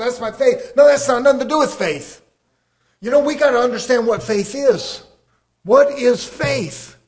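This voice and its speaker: A middle-aged man preaching a sermon, asking his congregation rhetorical questions and swinging between loud emphasis and quieter passages. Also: extremely high pitch.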